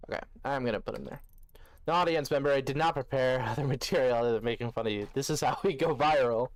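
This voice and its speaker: Joking man with a smooth voice. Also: medium pitch, fast talker, no room sound. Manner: joking, thinking aloud. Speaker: gaming video host. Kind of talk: casual let's-play commentary.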